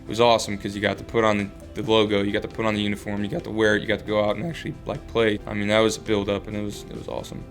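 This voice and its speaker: A man's voice: on the low side, completely flat delivery, very fast, few pauses, soft background music. A young man in his twenties, talking earnestly in a casual interview as a baseball player, full of fillers and restarts.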